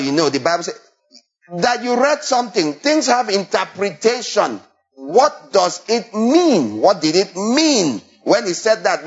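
Heard through dull lo-fi audio, a high-voiced man delivers a lively sermon. He fires off rhetorical questions and occasionally mimics the calls of sheep and shepherds.

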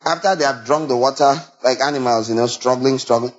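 A man preaching a sermon, animated and full of rhetorical questions, now and then imitating sheep and shepherd calls. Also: mid-range voice, a little fast. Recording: dull lo-fi recording.

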